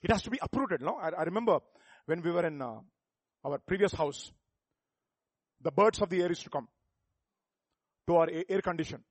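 Husky-voiced pastor preaching. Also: male voice, fairly high pitch, a little fast, long pauses, no echo. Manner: animated, rhetorical questions, builds to emphatic peaks. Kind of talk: sermon.

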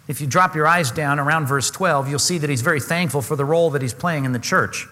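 A pastor with a fairly high-pitched voice preaches a sermon at a quick pace, his sound pushed and bright with a big-room quality. He is earnest and emphatic, often posing questions to his listeners.

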